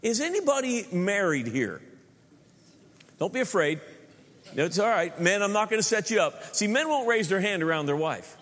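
A man's voice: high voice, big pitch swings, normal speed, a bit bright. A middle-aged male preacher giving a joking sermon, often repeating words as he builds his points to a congregation. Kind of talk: sermon with humor. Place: large church hall. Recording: long hall reverb.

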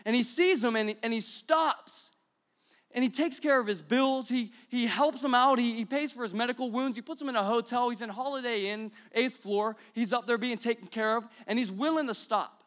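A young man preaching a sermon as pastor, energetic and repetitive, building to exclamations. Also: extremely high pitch, moderate pace.

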